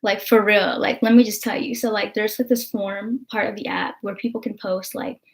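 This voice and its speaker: A woman's voice: medium pitch, fairly even intonation, brisk, gravelly. A young American woman vlogging in casual chat, rambling with lots of fillers and swearing.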